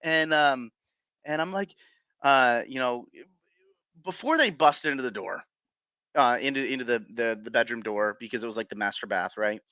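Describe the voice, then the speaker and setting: A man's voice: medium pitch, moderate pace, pushed and bright, smooth, dry recording. A man being interviewed as a paranormal investigator, telling his stories casually with many fillers, restarts and chuckles.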